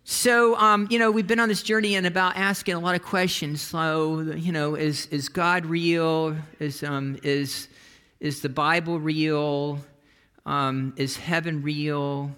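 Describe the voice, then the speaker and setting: A man's voice: on the high side, sharp tone, smooth. A man preaching a sermon as pastor, telling stories in a conversational way with frequent restarts.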